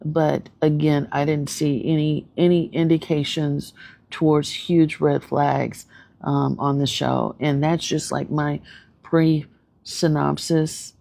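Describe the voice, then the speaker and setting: A woman's voice: sits low, flat delivery, takes it slowly, creaky, dark tone. A woman therapist giving her casual thoughts on a show, thoughtful and hesitant with many ums and restarts. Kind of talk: casual video commentary.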